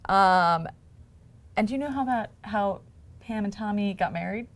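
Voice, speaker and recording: A woman's voice: mid-range voice, unhurried. A woman hosting a podcast, recounting celebrity stories in a chatty, gossipy way. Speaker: podcast host. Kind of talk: casual chat.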